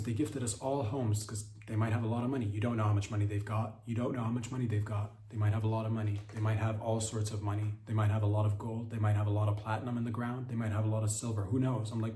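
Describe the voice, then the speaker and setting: Rambling, profane man in a roomy space. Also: quick pace. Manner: rambling, profane, jumps into excited high-pitched asides. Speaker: podcast host. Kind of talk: rambling comedic monologue. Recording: roomy echoey sound.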